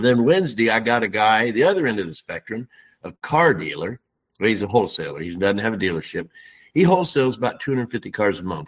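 Male caller, husky, folksy storyteller quoting conversations. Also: fairly low pitch, fairly bright tone. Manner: folksy storytelling, acting out dialogue. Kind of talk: casual testimony.

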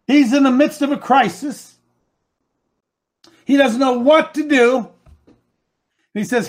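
High-voiced impassioned man in his sixties preaching. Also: unhurried, long pauses. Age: 60s. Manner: impassioned, swinging from hushed to shouting; emotional, close to tears. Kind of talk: sermon.

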